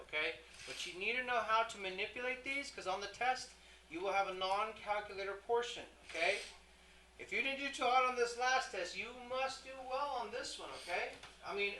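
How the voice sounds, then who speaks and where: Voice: medium pitch, bright, forceful tone, a little hiss or hum, poor audio. A math teacher giving a classroom lecture, who keeps checking in with the class, poses questions and corrects their own slips.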